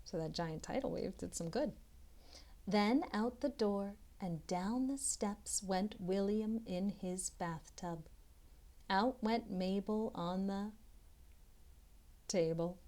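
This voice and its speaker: Slow, expressive woman reading aloud to kids. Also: mid-range voice. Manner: expressive storybook reading with chatty asides to children. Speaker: literacy tutor. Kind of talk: children's read-aloud.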